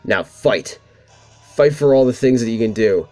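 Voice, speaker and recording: A man's voice: medium pitch, animated, normal speed, darkish tone, faint music behind, close to an everyday voice. A man voicing a cruel, theatrical male ghost villain as he reads game dialogue aloud, mocking and taunting his foes. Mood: commanding.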